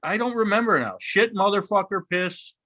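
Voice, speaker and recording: A man's voice: high-pitched, moderate pace, sharp tone, dry recording. A man co-hosting a casual chat show, loose and jokey, swearing freely. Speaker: podcast co-host. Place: home studio.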